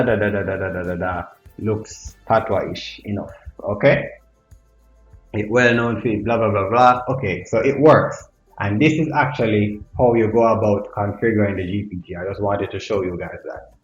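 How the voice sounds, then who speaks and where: A man presenting a casual tech tutorial. He thinks aloud with curiosity and speaks to his viewers as "guys". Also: lowish voice. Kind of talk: casual screen-recorded tutorial. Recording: echoey, dull lo-fi sound with faint music.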